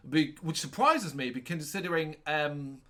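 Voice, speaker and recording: A man's voice: fairly high pitch, animated, normal speed, sharp tone. A man co-hosting a casual film chat, sarcastic and ranty, often correcting himself mid-sentence and swearing. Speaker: co-host reviewing a film.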